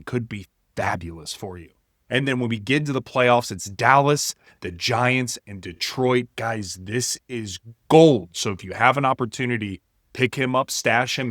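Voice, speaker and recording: A man co-hosting a sports podcast who gives emphatic, steady analysis and keeps calling the listeners guys. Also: medium pitch, dry recording, studio quality. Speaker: podcast co-host.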